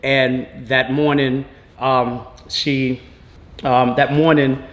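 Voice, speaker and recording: Man retelling a painful story, halting. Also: mid-range voice, level tone, a bit bright, roomy sound. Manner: halting, emotional retelling with fillers and restarts. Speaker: father telling his daughter's story. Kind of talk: personal storytelling to camera.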